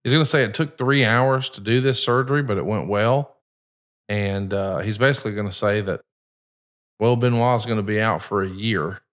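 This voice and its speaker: A man's voice: lowish voice, moderate pace, fairly bright tone. A man co-hosting a podcast, narrating footage and asking questions in casual chat. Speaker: podcast co-host.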